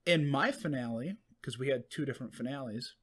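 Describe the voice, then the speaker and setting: A man's voice: mid-range voice, a little fast, crowd noise. A man co-hosting a casual podcast with dry, wry asides. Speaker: podcast co-host. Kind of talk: casual chat.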